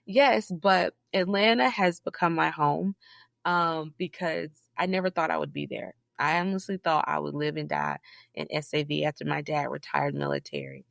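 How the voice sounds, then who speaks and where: A woman from Southeast Georgia, a guest in a casual interview, telling stories in an animated, emphatic way with sudden high, loud bursts. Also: gravelly, dry recording. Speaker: podcast guest, librarian.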